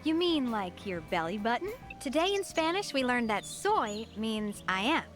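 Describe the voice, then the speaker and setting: A woman's voice: on the high side, very animated, moderate pace, fairly bright tone, soft background music. A woman voicing a ditzy, cheerfully dim teenage girl in a video game, with a chirpy, sing-song delivery. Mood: airheaded.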